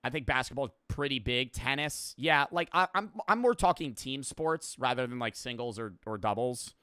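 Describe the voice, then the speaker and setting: Blunt, profane streamer, bright and crisp. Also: male voice, medium pitch, animated, normal speed, no room sound. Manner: blunt, profane, rambling with many fillers. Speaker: streamer reacting to a video. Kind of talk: casual reaction commentary.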